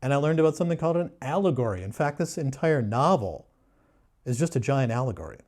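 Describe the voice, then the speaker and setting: A man giving a sarcastic, mock-serious book review in a deadpan way. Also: medium pitch, quick pace. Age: adult. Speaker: booktuber.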